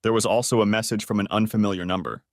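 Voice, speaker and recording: A man narrating a family drama story in a steady, scripted storytelling voice. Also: lowish voice, fast, no room sound, clean studio sound.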